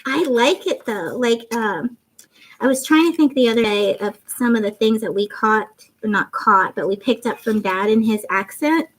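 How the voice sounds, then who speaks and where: Woman in her fifties, faint Canadian and Southern accent mix, tired and goofy, slightly high voice. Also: moderate pace. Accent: mixed Canadian and Southern traces. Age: 50s. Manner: goofy, giggly, chatty. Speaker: livestream crafting host. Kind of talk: casual chat reading viewer comments.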